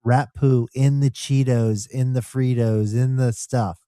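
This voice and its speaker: A man's voice: mid-range voice, fairly even intonation, measured pace, mellow, smooth, no echo, studio quality. A man co-hosting a casual podcast chat, tossing in jokes and wordplay. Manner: jokey quips and wordplay. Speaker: podcast co-host.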